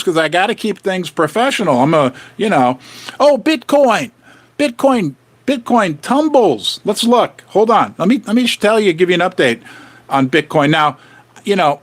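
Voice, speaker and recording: A man hosting a casual livestream, rambling and animated as he chats with viewers. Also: sits high. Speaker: livestream host. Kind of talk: casual livestream chat about finance.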